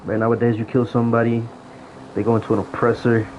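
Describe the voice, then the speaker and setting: A man's voice: mid-range voice, level tone, fast talker, a little mellow. A man ranting in a casual, profane storytelling way about old times in an online game. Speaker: gaming vlogger. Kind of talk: casual rant. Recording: dull lo-fi audio with faint noise.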